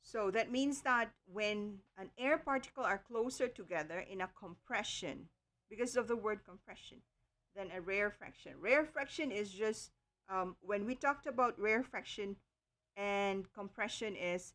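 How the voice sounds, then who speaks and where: Woman online tutor, mid-pitched, unhurried, explains step by step. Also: fairly bright tone. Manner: slow, careful explaining with frequent okays and ums. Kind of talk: livestream lesson.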